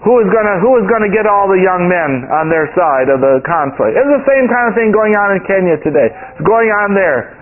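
A man with a very high voice preaches an emphatic sermon and keeps climbing into exclaimed lines. The sound is thin and phone-like, as if heard through an old radio broadcast. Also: animated, fairly quick, hardly any pauses.

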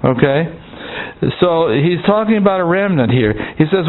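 Halting preacher man on a tinny line. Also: high voice, expressive. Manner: halting, repeats words, calls "Amen?" to the congregation. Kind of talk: Bible-study sermon.

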